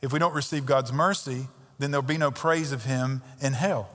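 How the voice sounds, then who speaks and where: A man's voice: mid-range voice, normal speed, fairly bright tone. A man preaching a sermon as pastor, emphatic and conversational, with pointed rhetorical questions. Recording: long reverb of a large hall.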